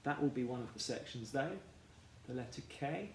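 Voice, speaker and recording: A man teaching a children's phonics lesson, sounding out words slowly and clearly, syllable by syllable. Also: mid-range voice, lively intonation, a little mellow, slight background noise. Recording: echoey room with faint ambience.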